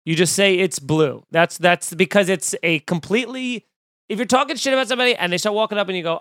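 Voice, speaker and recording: A man hosting a casual podcast, telling stories and acting out quoted voices in an animated way. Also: high voice, very fast, no echo, studio quality. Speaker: podcast host. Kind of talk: casual chat. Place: home room.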